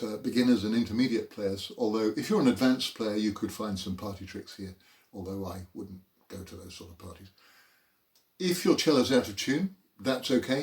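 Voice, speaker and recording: Low-voiced cello teacher with dry humour. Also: male voice, darkish tone. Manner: dry, self-mocking humour. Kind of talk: informal music lesson. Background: cello playing between phrases.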